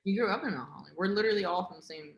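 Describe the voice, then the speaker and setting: A woman's voice: mid-range voice, reverberant. A young woman in her twenties from New Jersey, with a New Jersey accent, hosting a casual livestream chat and talking emphatically with lots of "like". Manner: fast, filler-heavy, emphatic. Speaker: livestream host.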